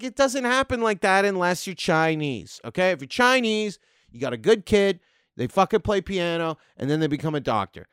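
A man's voice: a little high, no echo, studio quality. A man in his thirties hosting a podcast, delivering a profane, sarcastic, rambling comedic rant monologue. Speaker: podcast host.

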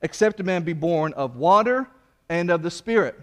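A man preaching a sermon to a congregation, animated and conversational, acting out the people he quotes. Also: high voice, normal speed. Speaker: pastor.

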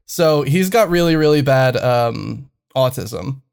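This podcast co-host, a young man, has a mid-range voice that's expressive, creaky and darkish, recorded cleanly at a slow pace. He meanders through a story in relaxed conversation, hesitating, using many fillers and laughing as he goes.

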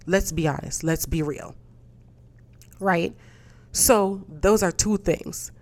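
A woman's voice: on the low side, takes it slowly. A woman hosting a podcast, talking bluntly and with exasperation, swearing freely as she rants. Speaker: podcast host. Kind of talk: casual rant.

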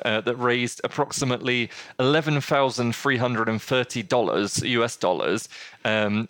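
A male co-host talking through the news in a casual chat, tripping over his words as he gets animated. His voice sits at an ordinary middle pitch. It is recorded close and dry, with no room sound. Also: no room sound. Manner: animated, halting, often restarts mid-sentence. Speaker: podcast co-host.

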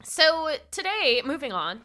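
A woman's voice: high voice, very animated, unhurried, sharp tone. A woman in her thirties co-hosting a podcast, chatting casually, giggly and teasing. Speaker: podcast co-host. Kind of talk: casual chat.

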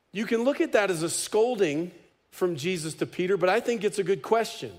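A man preaching a sermon as pastor, conversational and animated, with casual humor. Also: high-pitched, brisk.

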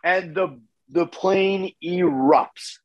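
A man telling a story casually as a podcast guest, animated, with his voice jumping up when he gets excited and swearing freely. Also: sits high, extremely slow, dry recording, muffled recording.

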